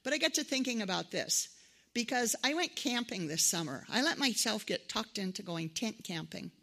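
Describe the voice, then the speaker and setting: Gravelly-voiced woman preaching a sermon. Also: mid-range voice, moderate pace. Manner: conversational, animated quoted voices. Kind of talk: sermon with personal stories.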